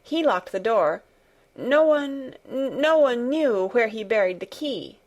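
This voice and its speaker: A woman's voice: medium pitch, moderate pace, close to an everyday voice. A woman narrator voicing a cautious, earnest ten-year-old girl who answers carefully and somewhat nervously in an audiobook. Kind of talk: audiobook character reading.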